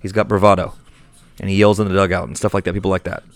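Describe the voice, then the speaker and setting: A man's voice: low voice, little pitch movement, fast. A man hosting an improvised comedy rant, talking in an exasperated, profane and irritable way.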